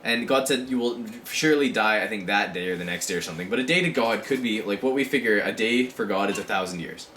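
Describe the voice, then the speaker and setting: A man talking casually in a rambling vlog monologue, with many fillers and frequent throat clearing. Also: on the low side, fast, few pauses, a bit bright, roomy sound, a little hiss or hum. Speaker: vlogger.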